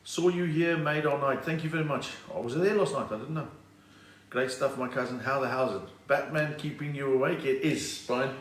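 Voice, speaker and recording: A South African comedian chats loosely through a live stream from home, dropping puns and greeting viewers one after another. His voice sits back from the mic in a roomy space with audible echo. The pitch stays in an ordinary middle range for a man. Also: moderate pace, far from the mic. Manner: jokey, chatty, greets viewers by name and answers with puns. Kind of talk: casual live-stream chat reading viewer comments.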